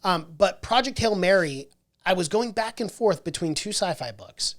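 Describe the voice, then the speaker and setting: A mid-pitched voice hosting a casual book club podcast. They ramble through their thoughts and keep restarting and correcting their wording. They laugh easily along the way. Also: lively intonation, moderate pace.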